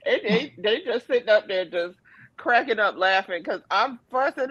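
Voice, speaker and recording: A woman hosting a live video chat, telling a story in an animated way, with fussing and laughter. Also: fairly high pitch, takes it slowly, pauses often, breathy edge, no echo, muffled recording. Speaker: host. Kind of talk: casual chat on a live stream. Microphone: video call.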